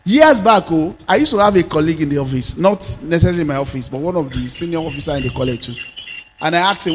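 A Nigerian man preaching as a pastor, moving between shouted declarations and quieter storytelling. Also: a little high, animated, quick pace, long reverb tail, a little hiss or hum. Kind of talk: sermon.

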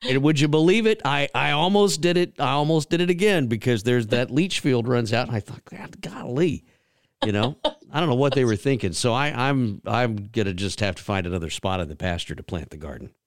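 A man's voice: mid-range voice, fairly quick, smooth, no room sound. A man from Georgia, hosting a talk show in a folksy, rambling, storytelling way. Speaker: radio show host. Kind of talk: casual chat.

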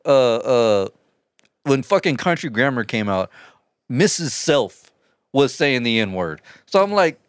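Slow-talking profane laughing man. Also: medium pitch, clean tone, no room sound, studio quality. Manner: profane, loud laughing, animated. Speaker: podcast co-host. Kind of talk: casual chat.

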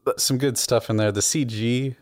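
A man co-hosting a casual movie review chat, giving opinionated, animated takes. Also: medium pitch, moderate pace, dry recording, studio quality. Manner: opinionated, animated, frequent restarts. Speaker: movie review podcast co-host.

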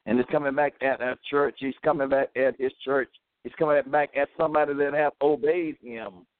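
On a tinny, phone-like radio broadcast, a man preaches a fervent sermon, urging listeners to pray and dropping in "amen" and "praise the Lord." His mid-range voice moves briskly with fairly even intonation, and the recording is dry.

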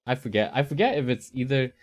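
A podcast co-host from the Northeast US, carrying a slight Rhode Island accent, talks fast and expressively in a medium-pitched voice. His chat is rambling, easygoing and self-correcting, recorded as clean studio sound with no room noise.

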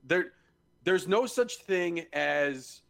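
A man's voice: fairly high pitch, expressive, extremely slow, creaky, fairly bright tone. Blunt, swearing man talking hockey. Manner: blunt, swears freely, analytical. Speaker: podcast co-host. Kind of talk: casual sports talk.

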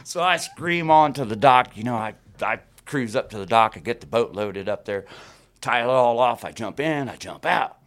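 A man's voice: mid-range voice, moderate pace. A man casually telling a fishing story on a podcast, acting out his own lines and laughing along. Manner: animated, acts out his own quotes, laughs through the story. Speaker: guest storyteller.

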